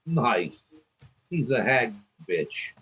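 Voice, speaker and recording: A man's voice: mid-range voice, sing-song, drawn-out words, a bit bright, breathy edge, low-quality recording. A man playing in a tabletop game, joking casually and reading out his dice results. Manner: easygoing and joking, reading out rolls. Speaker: player.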